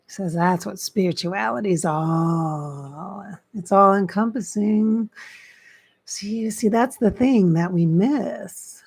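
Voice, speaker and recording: Middle-aged psychic lady on a livestream, breathy husky voice, soft and whispery right up on the mic. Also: medium pitch, slow pace. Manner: soft, drifting often into hushed whispers. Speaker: psychic medium. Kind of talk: livestream spirit channeling. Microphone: close desk mic.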